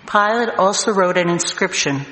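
A man reading scripture aloud as narration, slow and deliberate. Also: high voice, lively intonation, pushed and bright. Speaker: scripture reader. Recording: echoey hall, long reverb, faint noise.

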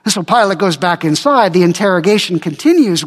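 Man preaching a sermon, high voice, slow and deliberate, long church echo. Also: animated. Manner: dramatic, acts out quotes. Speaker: pastor.

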